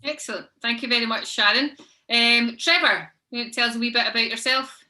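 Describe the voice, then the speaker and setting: A woman's voice: on the high side, brisk, pushed and bright. A woman hosting an online book panel over a video call, chatty with frequent ums. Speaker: panel host.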